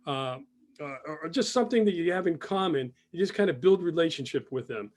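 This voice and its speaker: A business mentor hosts a casual live sales webinar in a fairly high, animated, slightly mellow voice at a brisk pace. Upbeat and chatty, he repeats phrases and reads the chat aloud over a computer mic.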